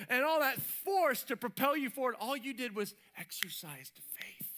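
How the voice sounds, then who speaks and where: A man preaching a sermon as pastor, animated and lively, acting out little voices and sound effects. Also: extremely high pitch, moderate pace, hardly any pauses. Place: church stage.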